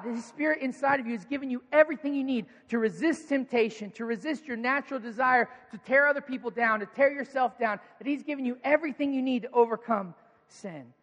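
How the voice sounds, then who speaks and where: A man preaching a sermon as pastor, energetic and playful, coaxing the congregation to repeat lines back to him. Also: very high voice. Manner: energetic, coaxes the congregation into call-and-response. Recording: long hall reverb.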